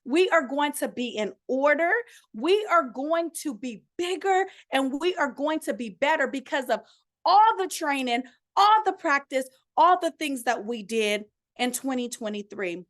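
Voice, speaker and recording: A high-pitched middle-aged woman hosts her solo coaching podcast. She talks in an animated, sermon-like way, mixing encouragement with casual slang and quick asides to her listeners. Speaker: life and relationship coach, podcast host.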